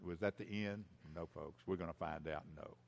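An older man from the United States preaching a sermon, swinging from loud emphasis to hushed lines and repeating key phrases. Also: sits low, moderate pace, creaky.

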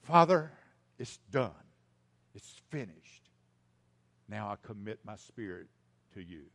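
A man's voice: fairly low pitch, very animated, slow pace, voice pushed down, heavily acted. A man playing Jesus crying out from the cross. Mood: anguished. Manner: crying out, then fading to a hush.

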